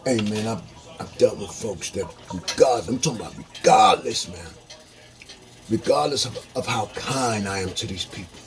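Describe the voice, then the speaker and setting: A man vlogging a profane, heated rant, dropping to low mutters and jumping to high-pitched outbursts. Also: normal speed. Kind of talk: profane ranting monologue. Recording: noisy, running water tap behind.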